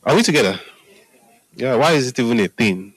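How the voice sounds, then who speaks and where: A man's voice: mid-range voice, lively intonation, brisk, a bit bright, husky, no echo, poor audio. A man preaching a sermon in a conversational way, often asking his listeners if they are following. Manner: conversational, repeats "Hallelujah" and "are we together?" to the audience.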